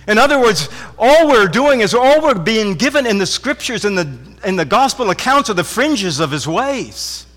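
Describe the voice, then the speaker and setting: A man preaching a sermon to a congregation, fervent, repeating phrases with stammered restarts and swinging from loud emphasis to hushed intensity. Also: high voice, big pitch swings, normal speed, few pauses. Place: church with congregation. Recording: long hall reverb.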